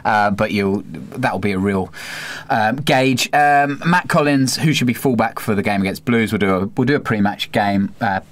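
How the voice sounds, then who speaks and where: A young man talks football on a podcast in an easy, relaxed manner, his voice sitting fairly low. He chats loosely with his co-host and now and then slips into a mock accent for fun. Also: moderate pace. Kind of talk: casual football chat.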